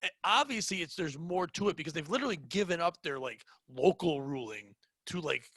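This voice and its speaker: A young man co-hosting a podcast, rambling and swearing as he teases his friends. His voice is bright and a little husky, swinging up and down a lot, close and dry on the mic. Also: fairly high pitch, animated, a little fast, dry recording. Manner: profane, teasing, rambling. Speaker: podcast co-host. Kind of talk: casual podcast chat.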